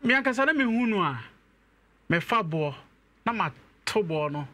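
Young man, fairly high voice, interview guest, animated storytelling. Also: moderate pace. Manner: animated when retelling events, laughs.

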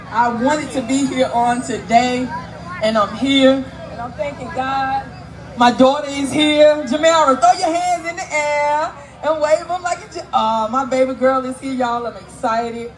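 A woman emceeing a live outdoor community event on a handheld mic, teasing and working the crowd loudly. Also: high voice, background noise. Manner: playful, teasing, loud crowd-work. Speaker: event emcee and radio host. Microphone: handheld microphone.

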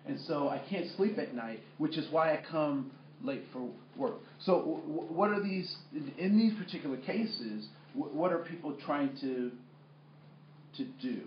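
Man leading a workshop, slightly high voice. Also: animated, measured pace, slight background noise. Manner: conversational, many fillers, asks the room questions. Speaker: workplace trainer. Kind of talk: training workshop talk. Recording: echoey room, muffled sound.

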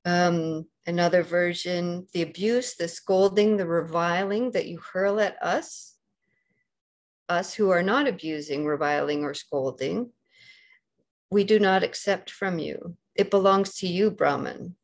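A woman with a Canadian accent giving a dharma talk as a meditation teacher, gentle and unhurried, pausing often with soft fillers. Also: lowish voice. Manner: slow and gentle, with many pauses and fillers.

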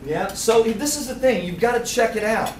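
A man giving a lively seminar talk, quizzing the audience and acting out little scenes. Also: very high voice, normal speed. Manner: energetic, quizzes the crowd, acts out little scenes. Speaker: seminar speaker. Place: meeting room with audience. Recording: echoey room, picked up from a distance.

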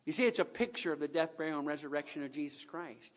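A man preaches a sermon from the pulpit, his voice sitting unusually high for a man. He drives his points home with emphatic repetition and rhetorical questions. His words ring out with a long echo through the church sanctuary. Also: animated, quick pace. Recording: echoey church hall.

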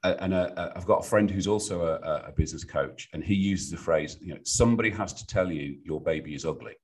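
A middle-aged British man, a guest on a business podcast, telling stories in a lively way and acting out what clients say. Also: deep voice, quick pace. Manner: animated storyteller, acts out clients' voices. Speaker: business sounding board.

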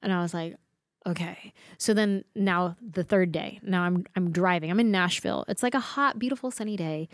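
A woman in her thirties, a comedian guest, telling a story with lively acted-out quotes. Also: on the low side, brisk, few pauses, no echo, clean studio sound. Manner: acts out quotes with big voice swings. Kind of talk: animated storytelling.

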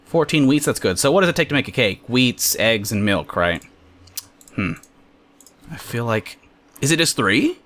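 An excitable man narrating his game with a bright, forceful tone and a pitch that leaps all over the place. He jokes around and yelps at sudden moments. A faint hiss of noise runs under the recording. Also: moderate pace, long pauses. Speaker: gamer host. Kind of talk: casual let's-play commentary.

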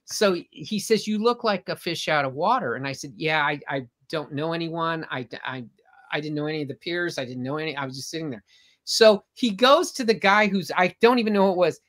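A man's voice: a little high, fairly quick. An older man, a comic artist guest, telling long anecdotes with frequent restarts in a casual interview. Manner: rambling, warm anecdotes with restarts.

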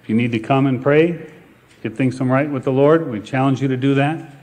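A male pastor preaching a sermon, reading scripture slowly and building to emphatic repeated phrases. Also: medium pitch, fairly even intonation, darkish tone. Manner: preaching with rising emphatic repetition; reads scripture slowly and deliberately.

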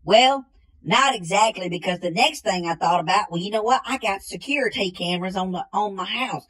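A slow-witted, bumbling country man, played by a woman in a comedy sketch. He talks at an even middle pitch and drawls his way through long rambling stories, leaning again and again on the same folksy catchphrase. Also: breathy edge, rough recording. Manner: drawling, repeats "ain't no way".

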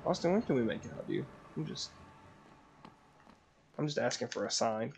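Loud, joking male gamer streamer. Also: medium pitch, lively intonation, moderate pace, creaky, a little hiss or hum. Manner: loud, joking, swearing, bursts into panicked yelling. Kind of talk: casual gaming chat.

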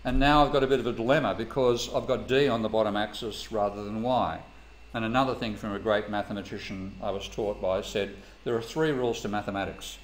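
Man, economics lecturer, blunt storyteller, lowish voice, echoey room. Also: fairly even intonation, brisk. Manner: blunt, anecdotal, swears casually. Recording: echoey room, faint ambient noise.

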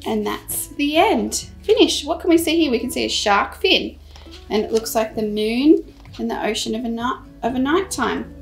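A woman presenting a children's show, reading a story aloud in an animated, expressive way. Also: a little high, normal speed, gravelly, soft background music.

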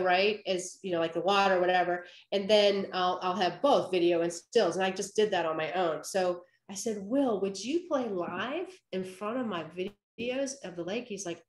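Woman, photographer, storytelling talk, animated, acts out quotes, echoey room. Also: medium pitch. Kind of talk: storytelling presentation. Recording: roomy echo.

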